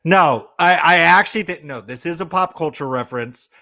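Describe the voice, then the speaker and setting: A man chatting casually as a podcast panelist, musing in a drawn-out, halting way. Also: a little high, pushed and bright. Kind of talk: casual chat.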